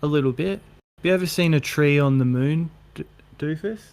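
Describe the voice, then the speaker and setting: A man's voice: on the high side, fairly quick, darkish tone. Koppige, afwijzende man. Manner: stubborn, dismissive. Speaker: flat earth panelist. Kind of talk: heated online debate.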